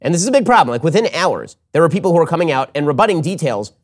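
A man hosting a political commentary show, talking fast and argumentatively, with a read ad segment. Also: on the high side. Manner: quick, animated, argumentative.

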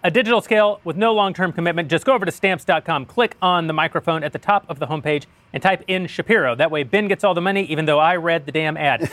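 A man's voice: fairly high pitch, a bit bright, no room sound. A man hosting a joking political roundtable, wry and self-mocking, laughing often as he reads a sponsor ad. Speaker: show host. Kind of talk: joking roundtable chat with ad read.

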